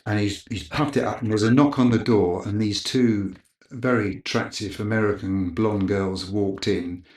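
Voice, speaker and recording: A middle-aged man, a camera operator guest, telling a lively anecdote in a casual interview and acting out other people's lines. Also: fairly low pitch, normal speed. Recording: roomy echo.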